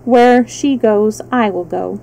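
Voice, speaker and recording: A woman voicing a loyal clockwork man who speaks slowly and stiffly in a storybook reading. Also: on the high side, gravelly, mellow, poor audio. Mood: dutiful.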